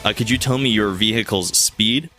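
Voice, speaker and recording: Halting low-voiced male game master. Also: bright, forceful tone, soft background music. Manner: halting, restarts often while narrating. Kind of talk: narrating a tabletop game.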